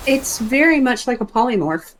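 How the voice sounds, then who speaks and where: A woman's voice: on the high side, animated, normal speed, rough recording. A middle-aged woman chatting casually and with dry amusement while gaming with her son. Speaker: gaming co-host. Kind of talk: casual let's play chat.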